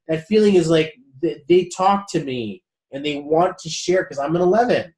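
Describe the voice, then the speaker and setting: Chatty male spiritual coach, higher voice. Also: normal speed, few pauses, a little mellow. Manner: loose and chatty, swears, keeps addressing the group as guys. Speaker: spiritual coach leading a group session. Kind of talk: casual group coaching talk.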